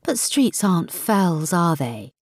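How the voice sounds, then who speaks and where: A woman voicing an eager, romantic wife who coaxes and pleads in a raised, lively voice. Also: fairly low pitch, slow, no room sound, clean studio sound, exaggerated voice. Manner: eager, pleading, bright-toned.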